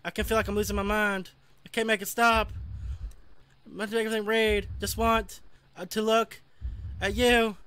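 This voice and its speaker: A man reading the lines of a shy, intense teenage schoolgirl, with small lifts in pitch. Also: little pitch movement, moderate pace, long pauses, bright, forceful tone, clean tone.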